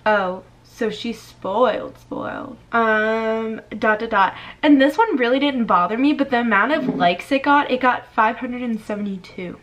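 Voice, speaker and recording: A twenty-one-year-old woman from Florida talks casually to her viewers in a vlog. Her voice sits a little high, and she fills her speech with "like" and small laughs. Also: fairly bright tone, slight background noise. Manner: chatty, lots of "like", quick laughs. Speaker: YouTuber. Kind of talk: casual vlog talk reading comments.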